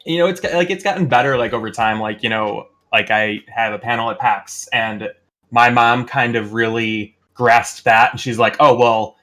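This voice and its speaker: A man's voice: mid-range voice, normal speed, pushed and bright. A man guesting on a casual podcast chat, speaking loosely with lots of fillers. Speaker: streamer guest.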